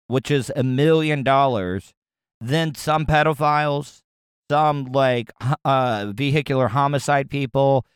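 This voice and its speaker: A man's voice: medium pitch, measured pace, smooth, dry recording, clean studio sound. A man hosting a radio show, riffing on a news story with crude, rambling jokes and frequent restarts. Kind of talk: casual comedic commentary.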